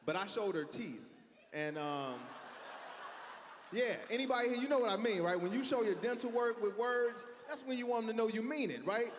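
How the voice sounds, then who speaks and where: A man in his thirties doing a stand-up set on a stage, telling stories in a conversational, animated way. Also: sits high, moderate pace, a little hiss or hum. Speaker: stand-up comedian. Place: stage in a large hall. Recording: echoey hall, faint ambience.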